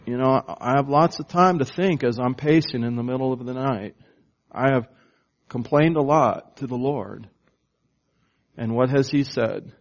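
A man preaching a sermon, slow and emphatic, asking the congregation questions and waiting for answers. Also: medium pitch, muffled recording. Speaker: pastor.

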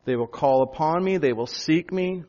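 A male pastor preaching a sermon, animated, jumping up in pitch for emphasis. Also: normal speed, dull audio.

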